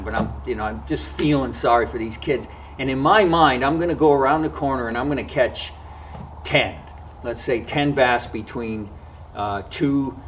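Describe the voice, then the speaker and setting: A man hosting a fishing vlog, telling a story in a casual, unhurried way with frequent pauses and fillers. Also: medium pitch, recorded from a distance, slight background noise, poor audio. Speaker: fishing vlogger. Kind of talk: casual spoken storytelling to camera.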